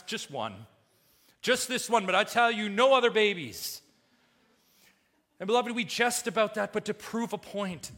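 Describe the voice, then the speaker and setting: Male pastor, higher-pitched, sharp bright voice; emphatic, repeats lines, goes from hushed to loud. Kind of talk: sermon.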